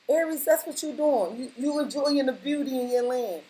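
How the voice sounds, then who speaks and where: A woman reads tarot straight to the viewer in a high-sitting voice with a dark tone, talking at normal speed with few pauses. She's emphatic and blunt, using slang and repeating lines for stress. The rough recording has a little hiss or hum.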